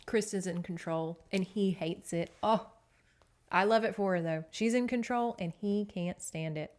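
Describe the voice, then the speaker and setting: A woman podcast host recapping a romance novel in a chatty, profane, animated way. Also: medium pitch, measured pace. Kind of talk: casual book recap.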